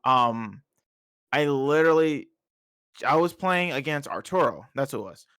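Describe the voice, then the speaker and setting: A young man, a podcast guest telling animated stories and laughing often in casual chat. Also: mid-range voice, unhurried, clear, resonant tone, dry recording, studio quality. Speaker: podcast guest, fighting game player.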